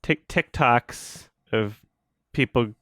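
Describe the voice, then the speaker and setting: A young man co-hosting a podcast, chatting casually in a quick, rambling, sarcastic way and laughing often. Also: mid-range voice, fairly bright tone, dry recording, clean studio sound. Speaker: podcast co-host. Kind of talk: casual chat.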